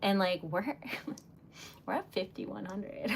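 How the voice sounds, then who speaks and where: A woman's voice: mid-range voice, slow pace, creaky, slight background noise. A young woman hosting a crafting livestream, chatting casually, giggling and gushing over her work. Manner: chatty and self-deprecating, giggly, gushes excitedly. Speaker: livestream host making wax seal stickers.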